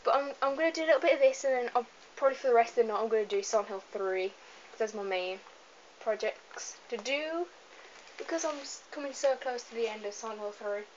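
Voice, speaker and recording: A young woman gives loose, giggly commentary while playing a game at home, wandering off on asides. Her voice sits a little high. The camera mic makes it sound dull and lo-fi, with a faint hiss underneath. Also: a little fast. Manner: chatty, giggly, rambling asides. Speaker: let's play gamer. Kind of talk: casual gameplay commentary. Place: home room, moving away from the camera at times.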